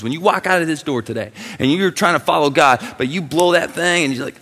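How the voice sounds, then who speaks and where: A male pastor preaching a passionate sermon, swinging between quiet intensity and loud emphasis, heard with long hall reverb. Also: fairly high pitch, quick pace, hardly any pauses, husky.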